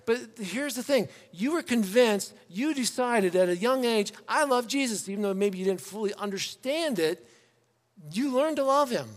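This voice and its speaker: A man preaching a sermon to his congregation in a church, in a conversational, animated way, slipping into quoted voices. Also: high voice, normal speed, big-room sound. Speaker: pastor. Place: church sanctuary.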